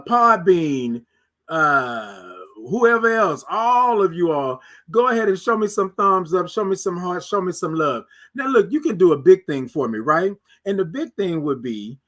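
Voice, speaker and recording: A man's voice: high voice, a bit bright. A middle-aged man hosting a casual morning livestream, reading viewer comments aloud and drawing out his greetings with preacher-like repetition. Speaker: livestream morning show host. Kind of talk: casual live-stream chat reading comments.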